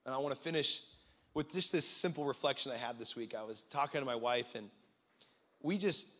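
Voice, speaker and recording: A young man preaching a sermon in a casual, earnest way, with growing excitement. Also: mid-range voice, fairly quick.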